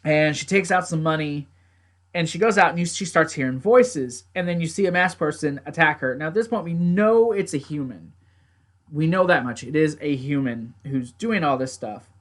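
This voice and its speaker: A man talks through a TV episode in a casual, meandering recap, his voice sitting a bit high. He drifts off track and curses at his own setup now and then. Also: lively intonation, normal speed. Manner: rambling, swears, talks to his mic. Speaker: TV show reviewer.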